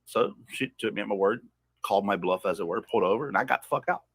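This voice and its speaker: A man's voice: fairly low pitch, fast, gravelly, breathy edge, dry recording. Heated, profane man telling his story. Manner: heated, profane, swings between loud and hushed. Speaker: podcast guest. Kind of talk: personal storytelling.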